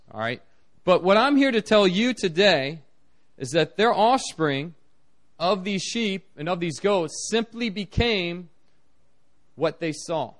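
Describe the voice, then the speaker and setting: A man preaching a sermon as a missionary, telling stories in an animated way with big swings in his voice. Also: measured pace. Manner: animated storytelling, lively pitch swings.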